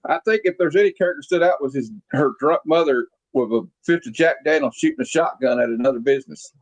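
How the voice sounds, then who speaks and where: A man's voice: on the high side, quick pace, low-quality recording. A man hosting a casual movie review chat, rambling along with lots of fillers and restarts. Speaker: podcast host reviewing a movie. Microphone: video call.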